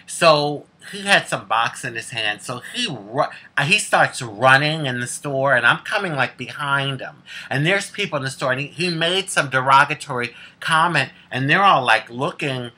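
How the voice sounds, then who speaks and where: Sassy woman with a sharp voice. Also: a bass voice, expressive, unhurried. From United States. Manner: sassy, candid, laughs often. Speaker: vlogger. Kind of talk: casual storytelling to camera.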